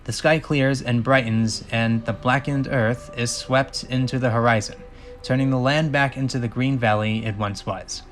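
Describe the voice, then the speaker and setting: Host reading a script aloud, dry asides, faint music underneath. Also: male voice, medium pitch, fairly even intonation, moderate pace, a bit bright.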